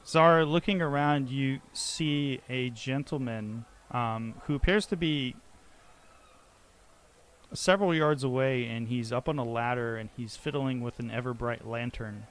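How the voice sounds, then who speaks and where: Game master, male, steady mid-pitched voice, matter-of-fact narration. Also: measured pace, smooth.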